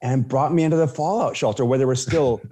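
Halting storytelling man, mellow voice. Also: mid-range voice. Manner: halting, many restarts and fillers. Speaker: podcast guest. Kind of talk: casual storytelling.

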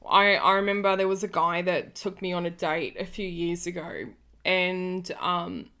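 A woman's voice: lowish voice, steady tone, unhurried, bright, forceful tone, smooth. A woman in her early thirties chatting casually on a podcast, telling a rambling story full of restarts. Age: early 30s. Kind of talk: casual chat.

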